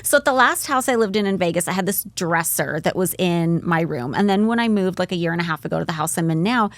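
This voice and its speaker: A woman in her thirties co-hosting a podcast, telling a story in a lively, casual way with lots of fillers. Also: fairly low pitch, quick pace, no room sound. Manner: animated storyteller, many "like" fillers. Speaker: podcast co-host.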